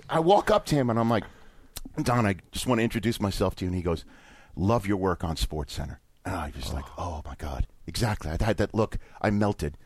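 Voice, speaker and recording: Animated man hosting a podcast. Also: medium pitch, dry recording. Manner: animated, self-mocking storyteller. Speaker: podcast host. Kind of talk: casual chat, telling anecdotes.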